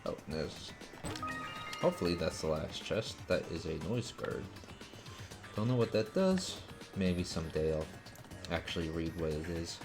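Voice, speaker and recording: A man's voice: low voice, measured pace, pauses often, music in the background. A man streaming a video game, talking casually and muttering to himself as he plays. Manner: laid-back, muttering to himself. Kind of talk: casual gameplay commentary.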